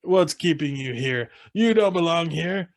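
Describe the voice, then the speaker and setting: A man doing a yelling drill sergeant. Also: a little high, expressive, a little slow, pitched above the performer's own voice. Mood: berating. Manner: yelling, mocking. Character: harsh male drill sergeant berating a recruit.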